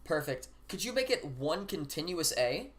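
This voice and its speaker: A man streamer bantering casually on a live stream, making teasing deadpan requests with occasional laughing asides. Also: on the high side, normal speed, a little hiss or hum.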